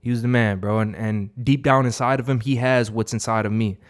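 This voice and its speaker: A man's voice: mid-range voice, steady tone, a little fast. Profane, rambling male motivational talker. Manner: profane, rambling, with many fillers and restarts. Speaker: motivational vlogger. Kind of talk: unscripted motivational monologue.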